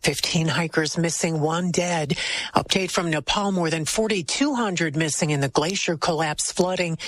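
A woman reading a radio news bulletin in a crisp, measured way. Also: low voice, a bit bright, no echo. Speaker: newsreader.

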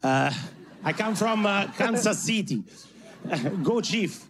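A man's voice: high voice, expressive, takes it slowly. A man from Italy with a strong Italian accent doing a self-mocking stand-up comedy set on a club stage, chuckling between punchlines. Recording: faint crowd and room noise.

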